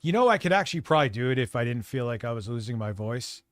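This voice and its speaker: Animated sarcastic male streamer. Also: mid-range voice, quick pace, dry recording, studio quality. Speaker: streamer host. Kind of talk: casual live-stream commentary.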